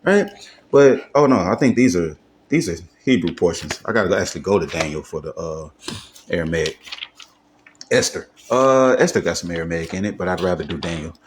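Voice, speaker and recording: A man's voice: low voice, animated, fairly quick, a little hiss or hum. A man giving a casual, step-by-step grammar lesson, often checking in with his listeners. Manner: talks things through loosely, often asks "you know what I'm saying?". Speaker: self-taught Hebrew grammar teacher.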